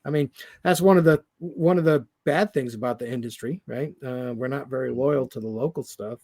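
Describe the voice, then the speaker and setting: A man guesting on a podcast, with a mid-pitched voice in a dry, close sound. He speaks with eager enthusiasm and stumbles through a few restarts. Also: brisk, dark tone, no room sound. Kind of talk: casual chat.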